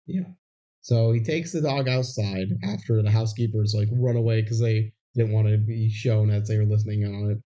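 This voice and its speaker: Guy podcast cohost retelling a movie, mellow voice, kinda muffled lo-fi audio. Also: lowish voice, steady tone, normal speed. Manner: retells scenes, acting out lines. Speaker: podcast co-host. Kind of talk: casual movie recap chat.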